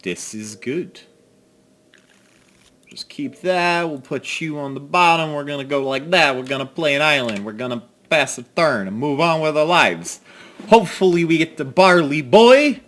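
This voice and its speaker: A man's voice: on the high side, animated, moderate pace, fairly bright tone. A man giving casual, self-mocking commentary while playing a card game, dropping to mutters and jumping to outbursts. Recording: faint music behind.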